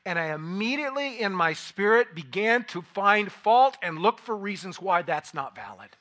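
Bright-voiced man preaching a story. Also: high-pitched, expressive, normal speed. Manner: conversational storytelling, rising to loud acted outbursts. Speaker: pastor. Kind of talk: sermon with personal anecdote.

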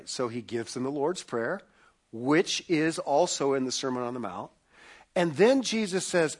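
A man preaching a sermon in an earnest manner, his voice sitting somewhat high for a man. He repeats words as he builds toward each point. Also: lively intonation, normal speed. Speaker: pastor.

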